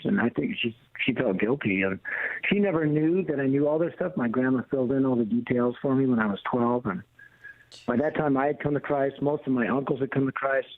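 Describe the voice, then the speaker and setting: A middle-aged American man speaks as a guest over a tinny phone line, with the dry, close sound of a call. He tells his story bluntly and emphatically, with the rolling cadence of a preacher. His voice sits at an ordinary pitch. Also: dry recording. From United States. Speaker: guest, ministry leader and author. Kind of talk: personal testimony on a radio talk show. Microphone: phone call into the studio.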